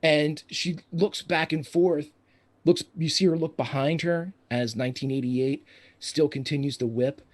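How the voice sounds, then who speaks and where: A man running a tabletop game as game master, describing scenes in steady narration. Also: on the high side, measured pace.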